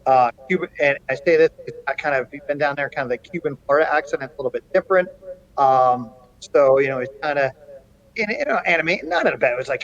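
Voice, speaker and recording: A man's voice: medium pitch, fast talker. Talkative man with a muffled sound. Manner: animated anecdote-telling with frequent fillers. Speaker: college hockey coach. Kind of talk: storytelling in a sports interview.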